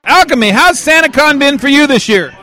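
A man hosting a podcast, playfully teasing people in quick party interviews. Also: very high-pitched, expressive, music in the background. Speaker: podcast host.

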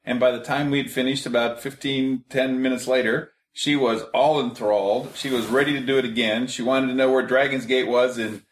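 A man's voice: medium pitch, steady tone, moderate pace, few pauses. A man in a casual group chat, telling stories and often chuckling. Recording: roomy echoey room.

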